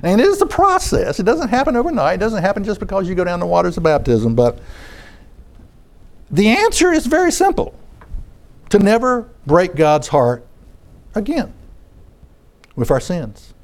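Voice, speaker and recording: A man's voice: sits high, huge pitch swings, normal speed, long pauses. A man preaching a sermon in front of a congregation, talking in a conversational way and often repeating his phrases.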